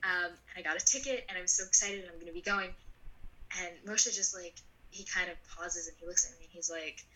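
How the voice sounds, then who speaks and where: A woman in her twenties telling a personal story in an interview, animated and full of "like", acting out the voices of people in her story. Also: fairly low pitch, fairly quick, rough recording. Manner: animated, acts out voices in quotes; filler-heavy, frequent "like". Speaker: guest.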